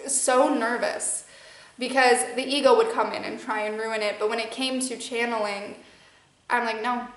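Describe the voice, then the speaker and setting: Rambling Midwestern woman, slightly high voice. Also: steady tone, moderate pace, roomy sound, rough recording. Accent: Midwestern American. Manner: rambling, restarts often, laughs often. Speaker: podcast host and channeler. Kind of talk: casual monologue.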